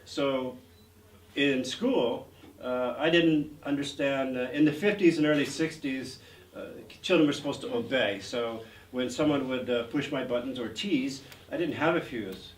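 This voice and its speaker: A man's voice: mid-range voice, measured pace. A man in his sixties, an actor guest telling stories in an interview, rambling with lots of "uh" fillers. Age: 60s. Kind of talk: anecdotal interview storytelling. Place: art gallery event. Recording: roomy, distant mic, faint noise.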